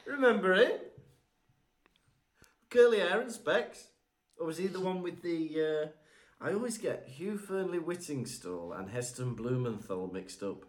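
A man's voice: a little high, big pitch swings, a little slow, pauses often. A man co-hosting a podcast, chatting casually and teasing his partner before signing off. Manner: chatty, teasing, throws in suggestions. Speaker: podcast co-host. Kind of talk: casual podcast chat and sign-off.

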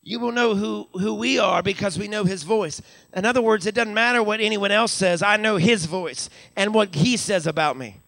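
A man with a high, fairly bright, creaky voice preaches a live sermon as pastor in a church sanctuary, speaking at a moderate pace with few pauses. His accent is Western Pennsylvania, and he stammers through repeated words as he builds, calling out hallelujah. The recording is clean studio sound with no room sound.

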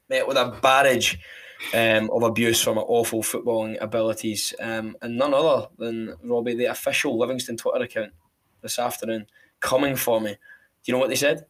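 A Scottish man with a Falkirk and Glasgow accent hosts a casual podcast at an even, middling pitch. He talks in a chatty, self-mocking way, spinning stories at his own expense. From Scotland. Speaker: podcast host.

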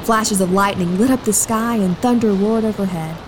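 A woman with a mid-range voice tells a Bible story to children in a slow, gentle, expressive way. She speaks directly to her young listeners. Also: mid-range voice, noisy background. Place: at home.

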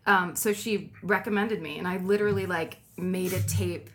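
A woman chatting as a podcast guest, animated and quick to laugh, exaggerating her stories for effect. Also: lowish voice. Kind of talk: casual chat.

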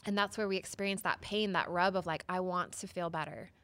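A woman psychotherapist telling stories as a guest in an interview, expressive, often saying "like" and "right?". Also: lowish voice, a little fast, no echo. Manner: expressive, acts out quoted voices, many "like" and "right?". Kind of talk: storytelling in an interview.

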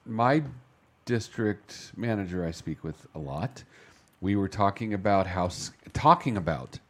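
A man's voice: low-pitched, animated, unhurried, fairly bright tone. A man co-hosting a morning radio show, telling stories in casual chat and searching for words as he goes. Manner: rambling storyteller, searches for words.

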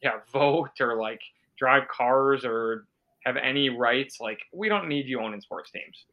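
A man's voice: mid-range voice, measured pace, muffled recording. A man co-hosting a sports podcast, talking in a casual, blunt, opinionated way. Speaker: podcast co-host. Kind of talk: casual chat.

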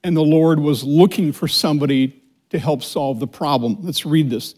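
In a church sanctuary before the congregation, a middle-aged associate pastor teaches a Bible study, reading scripture slowly and deliberately. He preaches animatedly with call-and-response from the audience, his voice on the high side.

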